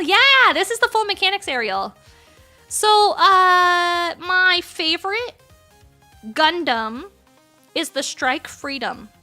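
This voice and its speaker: A woman's voice: high-pitched, sharp tone. A woman in her thirties chatting casually on a livestream, playful, laughing often and swearing freely. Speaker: streamer.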